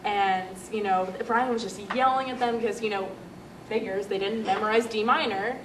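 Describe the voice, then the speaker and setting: A woman's voice: mid-range voice, normal speed. Giggly teen girl in a noisy band room. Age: teens. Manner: giggly, lively storytelling with acted-out quotes. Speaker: senior band student. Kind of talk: casual group interview. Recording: roomy, distant mic with loud crowd noise.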